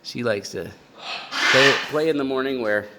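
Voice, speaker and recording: A man walking through the bird room in his house. He gives a casual vlog tour with lots of fillers and restarts, and coos at his birds in high baby talk. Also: normal speed. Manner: chatty, with many fillers and restarts. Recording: constant room noise with clicks.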